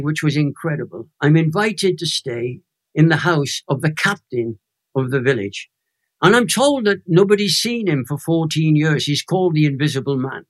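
A Welsh man in his eighties, an evangelist emphatically telling a personal faith story in a chat interview. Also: on the high side. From Wales. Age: 80s. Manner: animated storyteller, emphatic and emotional. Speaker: guest evangelist.

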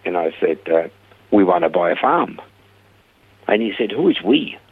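A man's voice: deep voice, moderate pace, slightly rough, phone-quality sound. An older man with a Swiss accent, telling his life story in an interview and acting out the dialogue. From Switzerland.

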